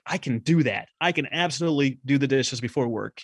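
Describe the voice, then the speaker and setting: A man's voice: mid-range voice, fairly quick, a bit bright, slightly rough, no room sound. A man guesting on a podcast, talking casually and directly, full of enthusiasm and stories. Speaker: podcast guest, nonprofit consultant. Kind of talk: casual interview chat.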